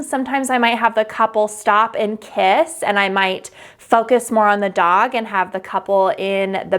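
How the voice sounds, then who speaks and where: Upbeat, slightly high-voiced woman photographer. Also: a bit bright. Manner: chatty and upbeat, with frequent "um" and "like". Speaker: wedding photographer. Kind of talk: casual tutorial talk to camera.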